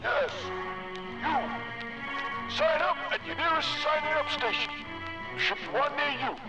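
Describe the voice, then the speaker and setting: Shrill gravelly game army officer, slow and barky, music under it. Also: male voice, expressive, low-quality recording. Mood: rousing. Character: gruff male army officer recruiting soldiers. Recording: game audio over background music.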